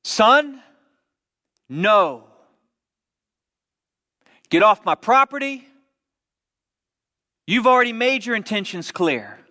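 A man voicing a middle-aged father, firm and measured, dropping low and soft at times. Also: very animated, heavily acted. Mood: stern. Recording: long reverb of a large hall.

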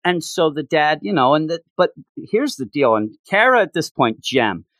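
A podcast co-host recapping a story in casual chat, rambling and restarting often, with lively retelling. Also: mid-range voice, moderate pace, no room sound.

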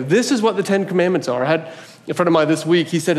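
Animated male pastor in an echoing hall. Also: a little high, fast talker. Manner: animated storytelling, voicing God and others in quotes. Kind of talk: sermon. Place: church sanctuary.

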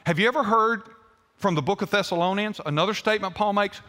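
Animated pastor with a high, bright voice. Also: male voice, fast, in a large hall. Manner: animated, emphatic storytelling. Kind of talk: sermon.

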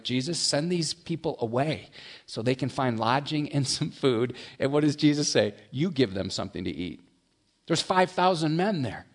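A man preaching a sermon, mixing quick asides with slow, emphatic lines. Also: a little high. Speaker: pastor.

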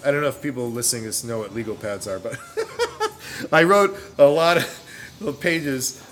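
Faint music plays behind a middle-aged American man telling a story during a relaxed podcast chat. His voice has an ordinary pitch and a moderate pace. He rambles with animation, laughs readily, and keeps doubling back to fix details.

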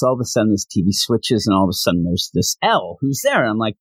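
A young man co-hosting a casual podcast, rambling and animated as he jumps between tangents. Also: medium pitch, brisk, hardly any pauses, breathy edge, dry recording. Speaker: podcast co-host. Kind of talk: casual chat.

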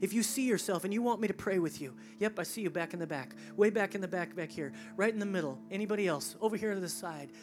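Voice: mid-range voice, fast, hardly any pauses, over music. A pastor giving an altar call in a large church during a service, shifting between intense near-whispers and rising, fervent appeals. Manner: intense, drops to near whisper, then rises.

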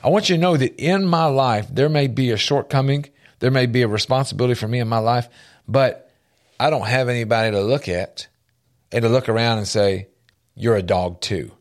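A man's voice: medium pitch, fairly quick. Earnest male radio host giving a pep talk. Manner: earnest, emphatic, repeats key phrases for effect. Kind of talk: motivational faith-based radio talk. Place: radio studio with a large window.

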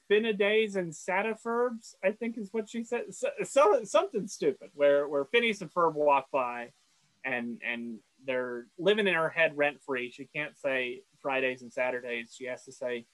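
A man's voice: mid-range voice, a bit bright, dry recording, poor audio. Stammering, rambling male podcast host. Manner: rambling, stammering, self-deprecating. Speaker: podcast co-host recapping a cartoon episode. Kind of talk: casual chat.

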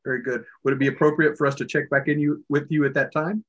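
A man's voice: on the high side, level tone, quick pace, fairly bright tone, highs cut off. A man playing a healer character in a tabletop game, speaking politely and formally in character. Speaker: player. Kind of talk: in-character role-play.

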